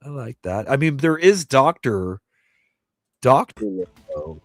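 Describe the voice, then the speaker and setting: A man's voice: medium pitch, lively intonation, moderate pace, no echo, clean studio sound. Rambling middle-aged man hosting a livestream. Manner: rambling, many fillers and restarts, reads chat aloud. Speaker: host. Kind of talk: casual livestream chat. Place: home.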